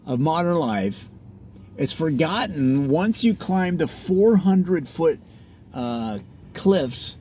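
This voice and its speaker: A man delivering a rambling, earnest comic monologue as a parody neighborhood vlogger, self-satisfied and deadpan. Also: medium pitch, a little hiss or hum. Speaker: parody real estate vlogger.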